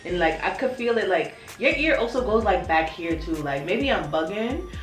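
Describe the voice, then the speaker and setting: A woman's voice: medium pitch, lively intonation, normal speed. Young New woman telling a storytime. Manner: blunt, swears freely, laughs through her story. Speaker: vlogger. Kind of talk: casual storytime. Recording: roomy sound with faint music.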